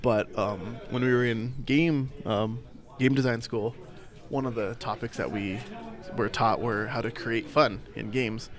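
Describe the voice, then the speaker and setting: A young man co-hosting a podcast, talking loosely and laughing often. His voice sits in an ordinary middle pitch, and he tells his stories with animated quoted voices. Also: measured pace, faint music behind. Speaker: podcast co-host. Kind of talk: casual chat.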